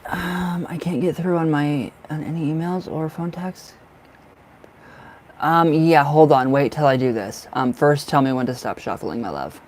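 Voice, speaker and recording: A man's voice: a little high, unhurried, darkish tone. A man doing live-stream tarot readings, chatty and giggly, who calls viewers by name and sounds cold and bundled up. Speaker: tarot reader.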